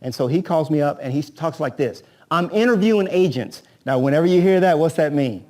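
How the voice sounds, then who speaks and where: A man teaching a live room of agents, always checking in with a quick "right?" and slipping into role-played conversations with sellers. His voice sits a little high and sounds warm and mellow rather than bright. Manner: rhetorical, keeps asking "right?"; acts out agent-seller dialogues. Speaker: real estate coach.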